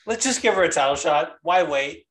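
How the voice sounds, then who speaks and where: A man co-hosting a podcast in casual chat, excitable and profane, quick to laugh. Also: a little high, crowd noise, rough recording. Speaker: podcast co-host.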